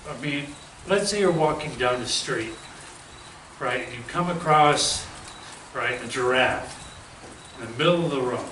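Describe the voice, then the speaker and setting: Bright-voiced man interviewing from afar. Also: medium pitch, unhurried, long pauses. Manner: rambling questions with many fillers. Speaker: interview host. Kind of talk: casual interview questions. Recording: echoey, distant mic with faint noise.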